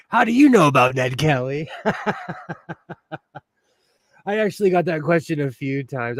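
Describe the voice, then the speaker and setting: Man in his 40s, slightly high voice, rambling sentimental livestream host, dry close sound. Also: no room sound. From United States. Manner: rambling and sentimental, many fillers. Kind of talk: casual livestream chat while sewing.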